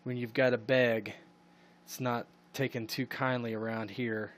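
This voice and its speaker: A ragged young beggar boy locked in a cell, haggling in a matter-of-fact way, as a man puts him on in a tabletop game. The voice sits at an everyday middle pitch. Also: little pitch movement, measured pace, lightly acted. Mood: bargaining.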